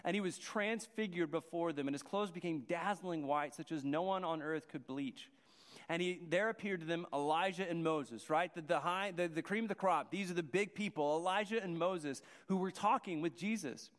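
A man's voice: fairly high pitch, moderate pace. A man preaching a sermon, earnest and restarting his phrases as he goes. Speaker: pastor. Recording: long hall reverb.

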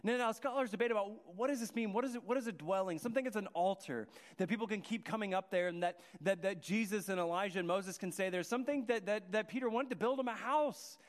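A man's voice: high voice, quick pace, hardly any pauses. A man preaching a sermon, earnest and restarting his phrases as he goes. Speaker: pastor. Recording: long hall reverb.

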